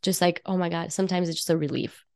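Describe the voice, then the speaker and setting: Chatty low-voiced woman, dry close mic. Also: steady tone, quick pace, vocal fry, no room sound. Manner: chatty and warm, laughs often, full of fillers and restarts. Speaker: guest, intuitive life coach and psychic. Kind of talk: casual podcast conversation.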